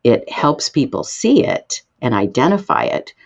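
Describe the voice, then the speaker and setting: Woman explaining with emphatic pitch lifts. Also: big pitch swings, a little slow, gravelly, highs cut off. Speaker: guest expert. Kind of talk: interview answers.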